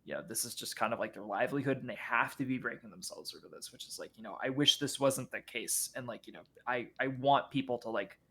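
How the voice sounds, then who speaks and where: A man speaking as a podcast guest in casual discussion, halting and full of fillers and restarts. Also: mid-range voice, fairly bright tone, slightly rough.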